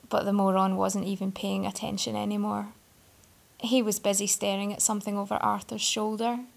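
A woman's voice: mid-range voice, flat delivery, moderate pace, vocal fry. A woman narrating a story aloud with a wry, sardonic delivery. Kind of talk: storybook reading.

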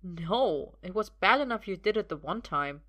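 Storybook role: woman reader doing a worn-out young male sorcerer, bright tone, dry humor, gritted-teeth stubbornness. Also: mid-range voice, lively intonation, moderate pace, dull audio. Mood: weak wry. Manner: joking and strained, a little breathless. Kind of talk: audiobook reading.

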